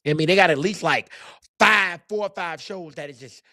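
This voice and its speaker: A man's voice: high voice, normal speed, sharp tone, dry recording, clean studio sound. A man hosting a casual talk show, speaking emphatically and ranting hard in slang. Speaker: podcast host. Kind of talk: casual sports and culture talk.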